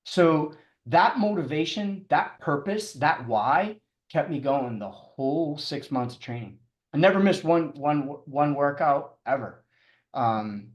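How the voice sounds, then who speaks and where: A man's voice: mid-range voice, lively intonation. Chuckling man retelling a story, echoey room. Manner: halting, with frequent restarts and chuckles. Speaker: podcast guest, triathlete. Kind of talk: casual storytelling interview.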